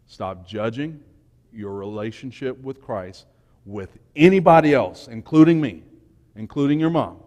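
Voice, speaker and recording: A man giving an informal, emotional sermon to young people, swinging between quiet and loud. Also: lowish voice. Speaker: speaker at a church youth talk. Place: church hall. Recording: long church hall reverb.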